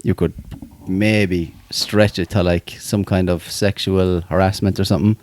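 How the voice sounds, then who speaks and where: A man's voice: low voice, little pitch movement, a little mellow, a little hiss or hum. A man hosting a podcast, chatting casually with friends and swearing freely. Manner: swears a lot, quick laugh. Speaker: podcast host. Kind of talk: casual banter among friends.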